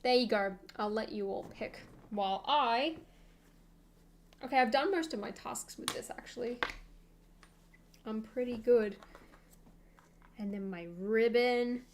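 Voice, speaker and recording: A young woman streaming, chatting casually and thinking aloud with soft laughs. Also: a little high, unhurried, pauses often, slight background noise.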